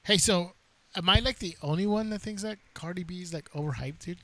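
A man's voice: high voice, brisk, bright, forceful tone. A man co-hosting a casual podcast, chatty and loose, full of "dude" and "like.". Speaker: podcast co-host.

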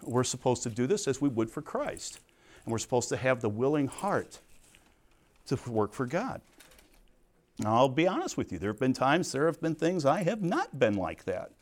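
A man's voice: medium pitch, sing-song, normal speed. A middle-aged man teaching a Bible study at a Christian camp, earnest and conversational, with plain storytelling asides.

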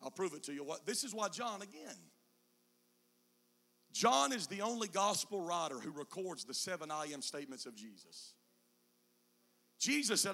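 A man preaching a sermon, moving between quiet low teaching passages and shouted, sung climaxes with an "uh" before each phrase. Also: sing-song, normal speed, vocal fry, long pauses. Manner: whooping preacher cadence, "uh" between chanted phrases.

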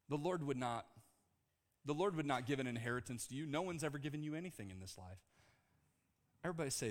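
A man preaching a lively sermon to his congregation, mixing calm teaching with jokes and bursts of shouting. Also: a little high, fast. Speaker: pastor. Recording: long hall reverb.

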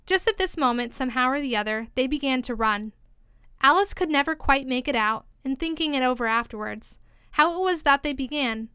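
A woman reading a classic storybook aloud in a gentle, measured way. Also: high-pitched, clear, resonant tone, no echo, studio quality. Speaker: narrator.

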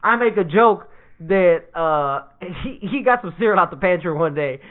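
A man casually telling comedic family stories, animated, laughing often and swearing a lot. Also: high-pitched, moderate pace. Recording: tinny phone-like sound.

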